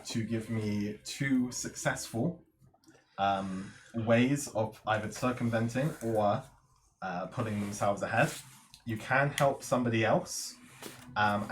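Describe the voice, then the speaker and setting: A man running a tabletop game as game master, describing scenes and explaining rules in a measured way. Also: fairly low pitch, slight background noise.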